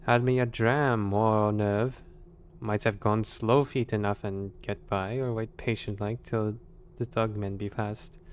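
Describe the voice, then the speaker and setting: A man putting on a gruff folksy thief. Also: fairly low pitch, a little slow, natural voice. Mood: grumbling. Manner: rough folksy put-on accent, clipped old-fashioned phrasing. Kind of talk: reading a game note aloud in a voice.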